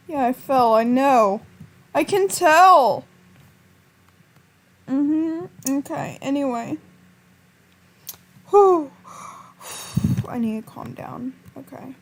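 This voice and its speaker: A high-voiced woman gamer narrates her gameplay to her viewers, sounding panicky and pleading. Her speech is slow and drawn out, with lots of pauses between bursts and lively intonation.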